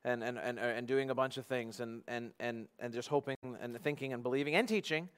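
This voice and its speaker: A man preaching a sermon in an earnest tone, swinging between loud emphasis and quiet, hushed passages. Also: medium pitch, brisk, clear, resonant tone. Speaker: pastor.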